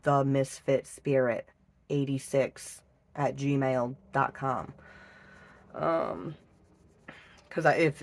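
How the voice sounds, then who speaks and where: A woman giving a casual tarot reading, emotional and halting, swearing often and restarting her sentences. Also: a bass voice, steady tone. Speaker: tarot reader.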